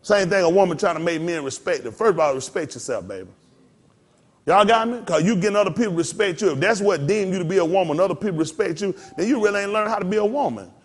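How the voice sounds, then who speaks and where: Preaching with folksy energy, the pastor uses mock voices and laughs alongside his congregation. His voice sits high and he talks fast.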